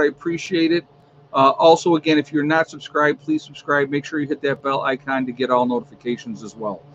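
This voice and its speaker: A man's voice: a little high, fairly quick, a bit bright, lo-fi sound, slight background noise. A man hosting a casual livestream from home, chatting with his viewers and filling his talk with ums and uhs. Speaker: livestream host.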